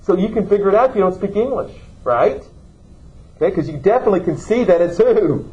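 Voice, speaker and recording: Man, teacher, classroom lecture, mellow voice, dull lo-fi sound. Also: high-pitched, expressive, fast. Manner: questioning, checks in with "okay?".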